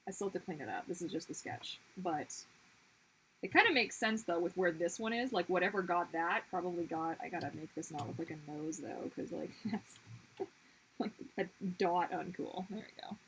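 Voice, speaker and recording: Drawing on a livestream, a young woman chats loosely, wanders between topics, and interrupts herself with sudden outbursts. Her voice is fairly low in pitch but fairly bright in tone, at a moderate pace. The low-quality recording carries a faint hiss or hum.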